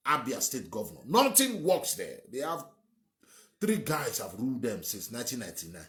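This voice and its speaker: Animated Nigerian man, emphatic monologue. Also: lowish voice. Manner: emphatic, repetitive, rambling. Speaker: host. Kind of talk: opinionated monologue.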